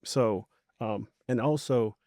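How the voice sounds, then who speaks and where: A podcast co-host speaks earnestly and builds his point with examples. His voice is mid-pitched and the sound is dry and close. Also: slow, warm tone, no room sound. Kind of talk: casual podcast conversation.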